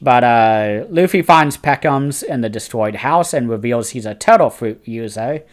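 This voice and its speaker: A man's voice: mid-range voice, animated, measured pace. A man hosting a manga review channel, talking through a casual spoken review in an eager, chatty way with frequent fillers and restarts. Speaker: host of a fantasy book and manga review channel.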